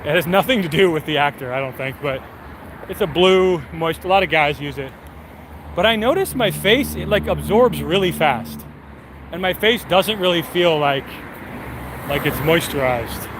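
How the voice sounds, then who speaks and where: A man's voice: fairly high pitch, normal speed, background noise. A man streaming and answering chat, telling a story in a casual, rambling way full of fillers. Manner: rambling, filler-heavy, animated retelling.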